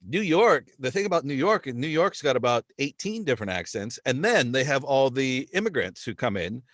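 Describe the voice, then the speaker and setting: A man's voice: mid-range voice, moderate pace, no room sound, studio quality. Canadian-raised man chatting on a podcast. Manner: animated storyteller, slips into mock accents. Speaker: podcast host. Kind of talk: casual chat.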